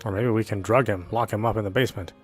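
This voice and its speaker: A man's voice: on the low side, fairly even intonation, fast. A man reading a visual novel aloud in an earnest first-person narration. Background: faint background music.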